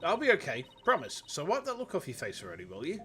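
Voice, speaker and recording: Brash young lawyer woman, voiced by a man, bright and lively, quick and determined. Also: a little high, faint music behind, heavily acted.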